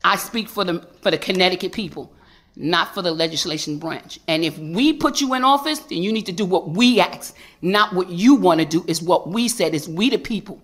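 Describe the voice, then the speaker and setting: A woman's voice: on the low side, moderate pace. A woman street preacher giving impassioned, repetitive testimony at a public hearing, angry and preacherly.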